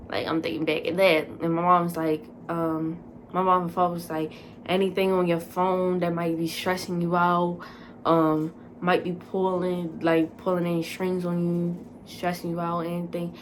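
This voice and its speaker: A young woman vlogger telling a casual storytime, animated and dramatic, full of fillers. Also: fairly low pitch, moderate pace, a little hiss or hum.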